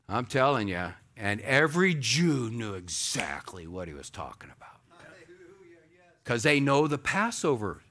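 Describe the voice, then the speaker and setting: A man preaching a sermon as pastor, animated, swinging between loud exclamations and hushed asides. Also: medium pitch.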